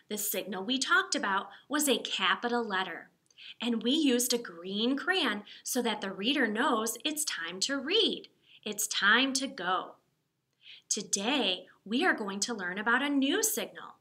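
A young woman teacher giving a recorded writing lesson to young children, speaking clearly with big, exaggerated emphasis. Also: medium pitch, sharp tone.

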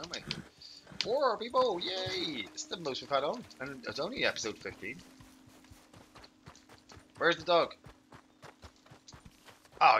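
A man's voice: mid-range voice, background noise. A man streaming a game, chatting loosely and swearing freely as he plays. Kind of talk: casual gaming chat.

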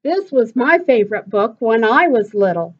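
A woman's voice: a little high, sing-song, moderate pace, highs cut off. A woman voicing a practical, no-nonsense mother in a storybook reading. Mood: firm.

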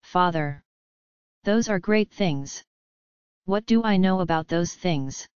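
A woman's voice: fairly low pitch, lively intonation, slow pace, a little mellow, clean tone, dry recording. A woman voicing a bold, anxious young princess questioning her father in an audiobook, urgent and questioning. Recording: slightly dull lo-fi audio.

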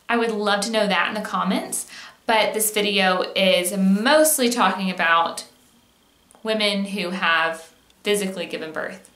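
A woman's voice: medium pitch, fairly bright tone, echoey room. A woman, chatting candidly to camera as a mom vlogger, with lots of fillers and easy laughter. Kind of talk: casual chat to camera.

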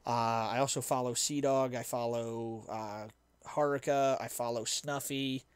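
A young man streams a game, chatting casually with his chat and reading their messages in a rambling, self-mocking way, laughing easily. His mid-range voice is steady, smooth and a little slow, with no room sound.

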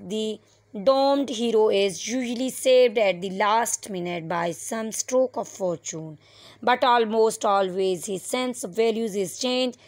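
A woman teacher giving an online English lesson, reading a passage aloud slowly and explaining word meanings with occasional fillers. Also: a little high, dry recording. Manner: slow, deliberate reading with fillers.

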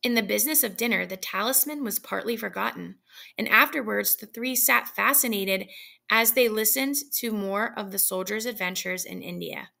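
A woman narrates a story aloud at a steady, plain pace. Her voice is strongly gravelly with a bright, forceful edge. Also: medium pitch, normal speed. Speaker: reader.

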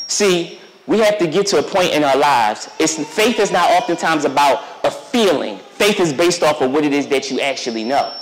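A man's voice: a little high, animated, moderate pace, slight background noise. A man, a youth pastor, preaching a conversational sermon to the congregation and speaking directly to them, now and then acting out the voices of Bible figures. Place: church sanctuary. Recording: long reverb of a church sanctuary.

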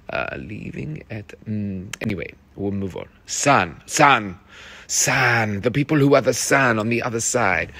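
A man's voice: fairly low pitch, creaky, fairly bright tone. A theatre director, a man, reading rehearsal notes to his cast, encouraging and fond of repeating phrases.

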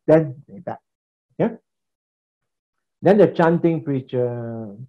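A male pastor teaching a class on preaching in an animated lecture style, acting out different preaching habits and chuckling now and then. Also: medium pitch, a little slow, pauses often, breathy edge, muffled recording.

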